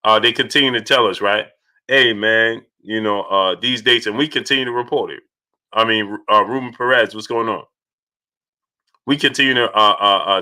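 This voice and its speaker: Male live-stream host, bright forceful tone, repetitive, shouts out viewers by name. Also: medium pitch. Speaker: host of a boxing talk stream.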